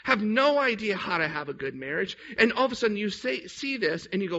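A man's voice: high-pitched, big pitch swings, fairly quick, few pauses, sharp tone. A man preaching a sermon as a pastor, emphatic and storytelling, with rhetorical questions to the congregation. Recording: dull lo-fi recording.

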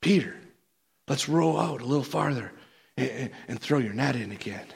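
A man voicing a calm, gentle Jesus inside his own story, speaking softly and without hurry. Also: medium pitch, moderate pace, gravelly, slightly rough, long reverb tail, heavily acted.

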